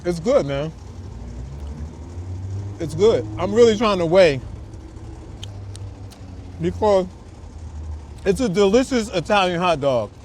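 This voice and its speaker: A man's voice: sits high, animated, slow pace, pauses often, a little mellow. A man hosting a casual food review vlog, chatting to viewers in laid-back slang outdoors on a windy city street. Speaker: food vlogger host.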